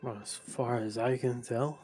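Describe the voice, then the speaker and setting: A man's voice: medium pitch, fairly even intonation, unhurried, darkish tone, slight background noise. A man in a mid-range voice plays his character in a tabletop game. He switches between narrating his character's actions in third person and speaking his lines. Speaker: player.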